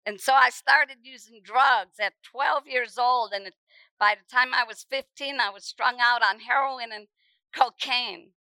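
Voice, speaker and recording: A middle-aged woman preacher telling her testimony with emphasis, often repeating words and rising to shouts at the dramatic moments. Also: on the high side, measured pace, clear, resonant tone, dry recording, low-quality recording. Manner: repeats words when stirred. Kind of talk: testimony sermon.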